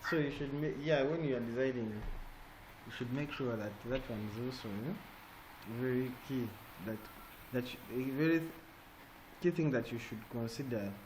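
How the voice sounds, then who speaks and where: A man's voice: medium pitch, moderate pace. Man teaching design over a noisy call. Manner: checks in often with "eh?" and "yeah?". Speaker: design trainer. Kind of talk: online class teaching. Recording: noisy online call audio.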